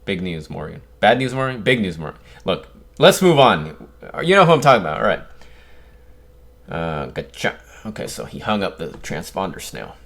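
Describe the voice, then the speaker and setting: A man's voice: deep voice, big pitch swings, normal speed, creaky, fairly bright tone. A man casually reacting to a manga chapter, exclaiming often as he reads the panels aloud.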